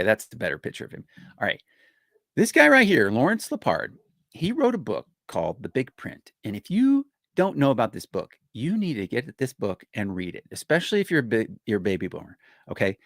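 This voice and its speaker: Man, older, host, excitable, rambling, lively pitch. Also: fairly quick, gravelly, no room sound, clean studio sound. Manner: excitable, rambling, repeats himself. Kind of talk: casual commentary on a played clip.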